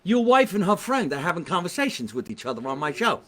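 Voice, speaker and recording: Very animated and quick, with a high voice and a sharp tone, a man hosts a live online comedy talk show from his home basement. He has a New Jersey accent and keeps the casual stream chat brash, joking and swearing freely with viewers.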